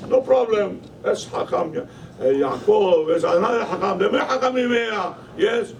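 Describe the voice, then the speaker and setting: High-voiced rabbi teaching from afar. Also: male voice, moderate pace. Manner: emphatic, questioning the listeners. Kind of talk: Torah lesson. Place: study hall. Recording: voice from a distance, faint room noise.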